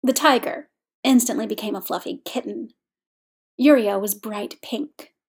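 A woman narrating fan fiction in a measured, even storytelling manner. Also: a little high, slightly rough. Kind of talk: reading fan fiction aloud.

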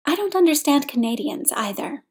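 A woman's voice: sits high, sing-song, moderate pace, darkish tone, voice pushed up. A woman voicing a polite young man who is puzzled by what he sees, in a storybook reading. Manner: puzzled, diplomatic.

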